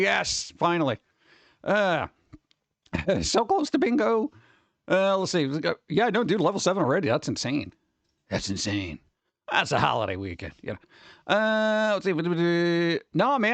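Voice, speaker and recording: A man hosting a livestream, chatting casually and rambling excitably with viewers, often laughing. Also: sits high, dry recording. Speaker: livestream host. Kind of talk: casual chat with live viewers.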